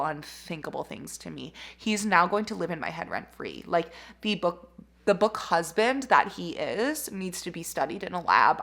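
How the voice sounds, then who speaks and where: A woman's voice: mid-range voice, fairly bright tone. A young woman chatting casually in a reading vlog at home, gushing about books, laughing often and swearing freely. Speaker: book vlogger. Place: home, bathroom while doing makeup.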